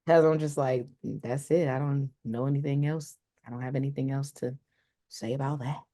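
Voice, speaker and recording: A young woman with a Detroit accent, co-hosting a casual podcast chat, animated and quick to laugh, acting out the voices of people she quotes. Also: very deep voice. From Detroit, Michigan. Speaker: podcast co-host.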